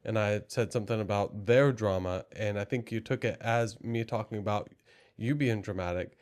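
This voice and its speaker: A man co-hosting a podcast, calmly explaining his side to his partner. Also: lowish voice, moderate pace. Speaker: podcast co-host. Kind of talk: candid couple conversation.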